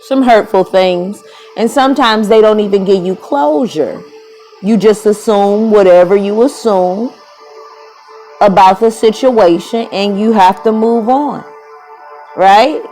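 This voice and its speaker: Woman in her thirties, slow unhurried delivery, rambling candid storytelling, faint music behind. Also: mid-range voice, warm tone, rough recording. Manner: rambling, self-correcting, candid. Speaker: vlogger. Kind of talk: casual storytelling.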